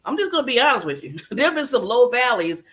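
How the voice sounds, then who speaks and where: A woman's voice: on the high side, very animated, quick pace, a bit bright. A woman hosting a talk show in a bubbly, emotional way, laughing often. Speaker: host.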